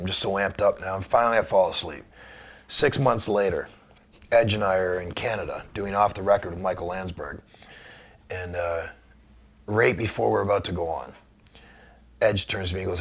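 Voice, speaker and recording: A middle-aged former wrestler tells stories in an interview, acting out the dialogue with energy. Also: male voice, deep voice. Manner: animated storyteller, acts out dialogue; subdued and halting on somber memories. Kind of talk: conversational storytelling.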